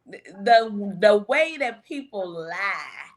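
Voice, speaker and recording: A woman co-hosting a casual podcast, speaking in a slow, emphatic way. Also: medium pitch, big pitch swings. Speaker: co-host.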